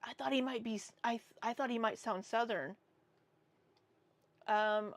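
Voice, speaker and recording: A woman riffs through a reaction livestream in an unhurried, drawn-out way. She is blunt and sarcastic, swearing without a second thought. Her voice sits a little high, and the sound is dry, with no room echo. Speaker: livestream commentary host. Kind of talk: casual reaction commentary.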